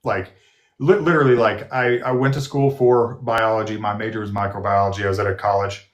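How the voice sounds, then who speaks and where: A man's voice: lowish voice, fairly even intonation, fairly quick, muffled recording. A man in his forties, a nurse guest, telling stories in a loose, rambling way full of restarts. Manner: rambling storyteller with many restarts. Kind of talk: casual live interview chat. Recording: roomy echo.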